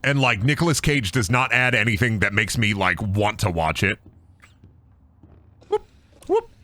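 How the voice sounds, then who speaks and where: A gaming streamer chats casually over his gameplay on a live stream, joking, swearing, and slipping into silly sing-song voices. His voice is fairly low with a sharp tone, at a moderate pace.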